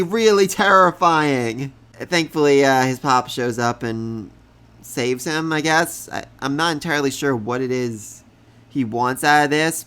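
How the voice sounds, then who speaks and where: A man talking through a comic chapter in a casual review. He is eager, laughs often and stumbles over repeated words when something delights him. His pitch sits in the ordinary middle range for a man. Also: a bit bright, smooth.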